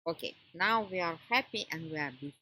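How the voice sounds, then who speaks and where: A woman giving an informal wellness lesson in non-native English phrasing, often pausing to search for words. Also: lowish voice, animated, sharp tone, a little hiss or hum, poor audio. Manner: halting, pauses to search for words. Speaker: wellness teacher. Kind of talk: informal teaching talk.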